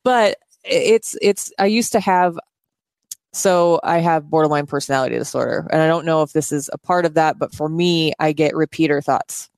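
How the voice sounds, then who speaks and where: Candid, lower-voiced woman co-host. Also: moderate pace, a little mellow, no room sound. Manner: candid, laughs at herself, loses words. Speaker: podcast co-host. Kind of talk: casual chat. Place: indoors at her home.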